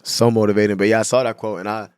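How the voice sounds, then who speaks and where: A man's voice: lowish voice, little pitch movement, rapid-fire, darkish tone, clean tone, no room sound, clean studio sound. A young man from San Diego, a guest telling stories in a casual podcast interview, laid-back and full of slang. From San Diego, California. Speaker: guest, clothing brand owner.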